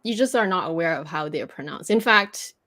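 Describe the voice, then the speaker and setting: Fairly low but lively and bright, her voice comes out quick and pushed. She's a native French speaker coaching pronunciation in an easygoing livestream chat, patient and long-winded, frequently starting her explanations over.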